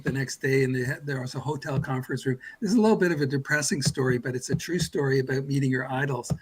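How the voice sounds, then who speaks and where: Husky older man telling a rambling story. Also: medium pitch, low-quality recording. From Canada. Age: 60s. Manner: rambling, self-deprecating, with frequent restarts. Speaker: guest comics artist. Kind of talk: casual anecdotal storytelling.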